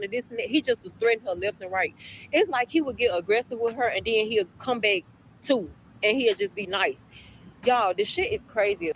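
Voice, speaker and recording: A woman's voice: fairly high pitch, animated, fairly quick, slight background noise, rough recording. A woman casually telling a storytime to her viewers, chatty, repeating herself and addressing the audience often, recorded while on a break at work. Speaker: storytime vlogger.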